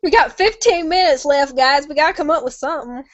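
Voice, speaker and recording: A young woman from Nashville hosting a casual book club discussion over a video call, joking and talking fast. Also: high-pitched, dry recording. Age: young adult. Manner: giggly, quick, jokey. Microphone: computer mic on a video call. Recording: dry, muffled video-call audio.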